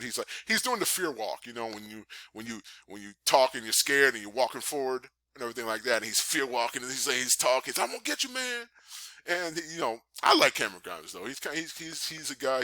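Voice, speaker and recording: A man casually recapping a wrestling show, animatedly acting out scenes with high yelps. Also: sharp tone, no echo. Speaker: podcast host reviewing wrestling.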